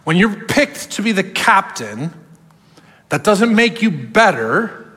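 A male pastor delivers a sermon with a high, lively voice that swings up and down as he preaches. He acts out the voices he quotes along the way. His voice carries a long reverb from a large church hall. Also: slow, breathy edge.

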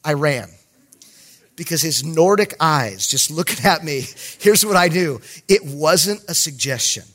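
A middle-aged man, a pastor, preaching a sermon with animated storytelling and emphatic points. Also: on the high side, measured pace.

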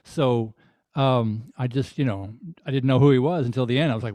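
Mellow-voiced man in his fifties, chatty. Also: medium pitch, fairly quick. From American South, Tennessee. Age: 50s. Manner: chatty, wry, rambling with restarts. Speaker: guest musician. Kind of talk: casual podcast chat.

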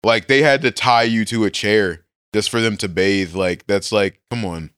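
Excitable profane man recapping a story. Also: fairly low pitch, moderate pace, clean tone, no room sound, clean studio sound. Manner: animated, profane slang-heavy storytelling. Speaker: podcast co-host. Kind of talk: casual chat recapping a manga.

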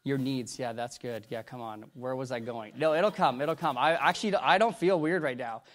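A middle-aged man gives a sermon testimony about his own life, speaking in a mid-range voice. He halts, rambles and keeps restarting, swinging from loud outbursts to quiet, hushed retelling.

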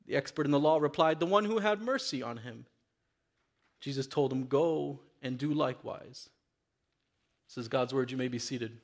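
Speaking at a moderate pace in a mid-range voice, a male pastor delivers a church sermon: first a scripture reading, then sincere, candid words to his congregation.

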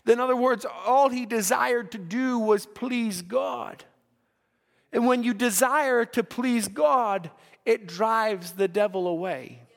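A man's voice: very high voice, slow pace, creaky, in a large hall. A man preaching a sermon to young people, earnest, often repeating words as he builds a point. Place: church.

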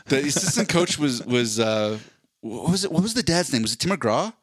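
A man's voice: mid-range voice, lively intonation, moderate pace, breathy edge, dry recording, studio quality. A man in his forties telling a long story on a podcast, rambling and swearing, full of fillers and restarts. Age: 40s. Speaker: podcast host. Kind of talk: casual storytelling chat.

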